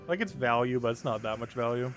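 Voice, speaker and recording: A man's voice: mid-range voice, animated, quick pace, over music. A man chatting casually as a live streamer while playing, answering his chat and laughing often. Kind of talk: casual gameplay commentary.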